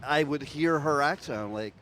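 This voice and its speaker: A man's voice: on the high side, normal speed, fairly bright tone. A man interviewing a musician at a music festival, telling stories in a chatty, playful way. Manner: chatty storyteller, laughs at own jokes. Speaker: radio interviewer.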